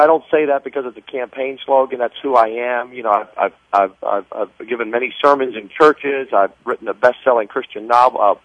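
A man's voice: mid-range voice, no room sound. A man calling into a radio show as a guest, talking fervently and preacherly, often repeating words as he builds a point, heard over a phone line. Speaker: political guest on a call-in. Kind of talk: phone interview. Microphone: telephone.

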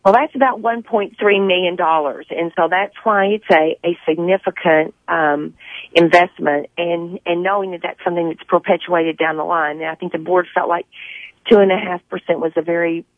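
A hoarse, scratchy-voiced woman, a school district spokesperson speaking carefully on a morning radio call-in. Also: on the low side, fairly even intonation, no room sound. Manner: measured, careful, with many fillers. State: hoarse from a cold. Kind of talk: phone interview on morning radio. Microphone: telephone. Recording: tinny phone line.

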